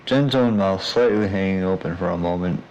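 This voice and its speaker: A man reading his own audiobook aloud in a steady, even way. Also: low-pitched, moderate pace, slight background noise, low-quality recording. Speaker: audiobook narrator. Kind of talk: audiobook narration.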